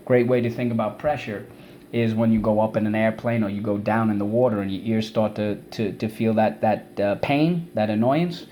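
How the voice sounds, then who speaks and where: A male teacher giving an online vocabulary lesson to kids, energetic and repeating words and syllables for students to say back. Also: on the low side, moderate pace, a little hiss or hum.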